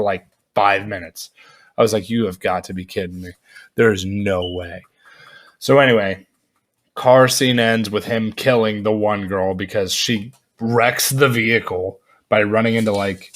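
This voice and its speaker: A man giving a casual, rambling movie review full of fillers and asides. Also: mid-range voice. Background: dogs at home.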